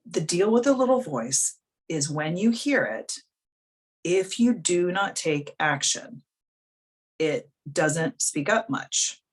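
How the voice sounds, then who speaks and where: A woman's voice: lowish voice, animated, slow pace. A woman life coach hosting a live video coaching call, talking frankly and bluntly in a casual, chatty way.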